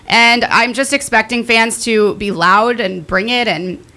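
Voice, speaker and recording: A woman's voice: on the high side, fairly even intonation, a little slow, bright, forceful tone. A woman who hosts for a hockey team, talking in an upbeat, eager way as a podcast guest. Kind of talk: casual sports talk.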